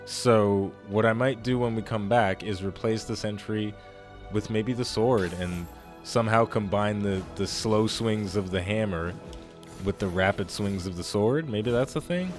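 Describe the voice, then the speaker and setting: A man with a naturally deep voice hosting a gaming channel, giving chatty, rambling commentary as he plays. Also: normal speed, faint music behind. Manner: chatty, rambling, self-correcting. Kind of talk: let's play commentary.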